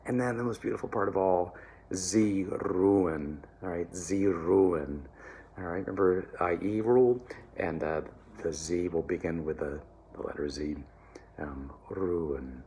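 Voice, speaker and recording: A man teaching German pronunciation to singers, relaxed and encouraging, often checking in with "all right?" and slowly modeling words. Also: low voice, slight background noise. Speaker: choir diction coach. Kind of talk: German diction lesson for singers.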